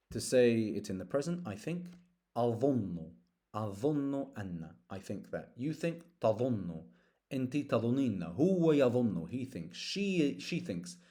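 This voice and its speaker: A man's voice: medium pitch, warm tone. A man teaching an Arabic grammar lesson, patiently explaining roots and walking through verb conjugations one form at a time. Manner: patient, explanatory, spells out root letters and conjugations.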